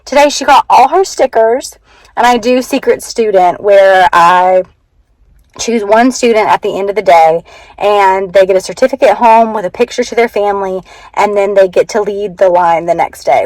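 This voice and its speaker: A woman's voice: medium pitch, normal speed, darkish tone, dry recording, rough recording. A young woman who teaches first grade, chatting earnestly in a casual vlog and peppering her story with "like.". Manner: chatty and earnest, many "like" fillers.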